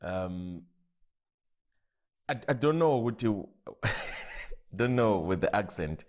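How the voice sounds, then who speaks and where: A man with a Zimbabwean Ndebele accent, a comedian telling stories in a relaxed interview. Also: fairly low pitch, slow pace, muffled recording. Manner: relaxed storytelling with frequent restarts and laughs. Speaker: comedian guest. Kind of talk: casual interview, mixing English and Ndebele.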